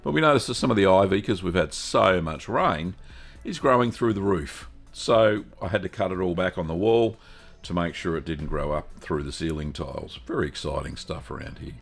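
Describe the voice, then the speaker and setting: Man, Australian accent, low pitch, gravelly, casual live-stream host, greets viewers by name. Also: normal speed, soft background music. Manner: greets viewers one by one, relaxed and chatty. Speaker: host of a cheese-making livestream.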